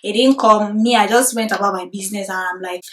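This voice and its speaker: A woman, vlogging a personal faith testimony in an animated, storytelling way, acting out conversations and encouraging viewers. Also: mid-range voice, brisk.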